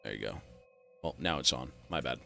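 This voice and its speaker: A man's voice: very deep voice, animated, a little fast, gravelly, pushed and bright, soft background music. A man streaming a video game, chatting casually and joking with viewers, often swearing and rambling. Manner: joking, profane, rambling to chat. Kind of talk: casual gaming stream commentary.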